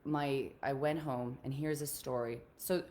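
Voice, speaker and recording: Low-voiced woman coach telling a story. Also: steady tone, a little slow, a little mellow. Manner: earnest, confiding, addresses listeners directly. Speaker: dating and relationship coach. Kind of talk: personal storytelling on a live group call. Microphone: video call.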